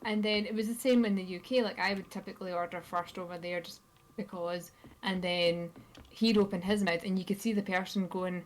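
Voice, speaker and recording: A Scottish woman chatting casually on a live stream, telling animated stories. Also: mid-range voice, a little fast, a little hiss or hum. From Scotland. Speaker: podcast guest. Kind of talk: casual chat. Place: live stream, home setup. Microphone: stream mic.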